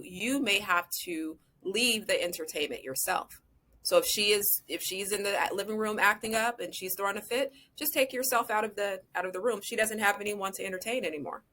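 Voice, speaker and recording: A woman's voice: medium pitch, fairly bright tone. A woman who is a guest on a podcast, giving earnest parenting advice in casual conversation. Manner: earnest, advising.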